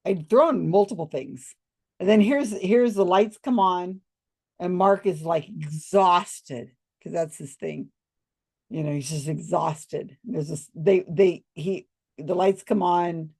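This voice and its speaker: A woman's voice: lowish voice, takes it slowly, gravelly, a little mellow, breathy edge. An older woman telling stories casually at home, chatty and laughing often as she acts out people's reactions. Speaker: storyteller showing old photos. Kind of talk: casual storytelling to camera.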